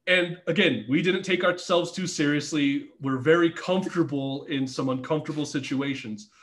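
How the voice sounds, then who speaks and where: A man's voice: fairly high pitch, normal speed, fairly bright tone. A middle-aged man telling wrestling stories in a casual podcast chat, laughing often and swearing freely. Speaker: podcast guest, former pro wrestler.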